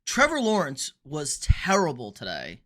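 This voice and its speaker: A man's voice: fairly high pitch, huge pitch swings, a little slow, a bit bright. A young man hosting a sports livestream, chatting casually, reading out chat messages and giving blunt, profane opinions. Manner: blunt, swears, reads chat aloud.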